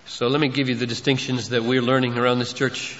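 A man's voice: mid-range voice, level tone, fast, fairly bright tone. A man preaching a sermon as pastor, building to emphatic, raised bursts of conviction. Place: large church sanctuary. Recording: dull echoey church recording, faint hiss.

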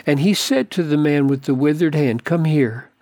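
An older man teaching on a Bible passage, earnest and deliberate, leaning hard on key words. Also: fairly high pitch, a little mellow, dry recording, clean studio sound. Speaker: pastor.

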